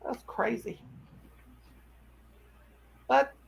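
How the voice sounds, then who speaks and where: A woman's voice: on the high side, very slow, vocal fry, slight background noise, rough recording. A woman hosting a casual livestream chat from home, talking in a rambling, folksy way. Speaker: host.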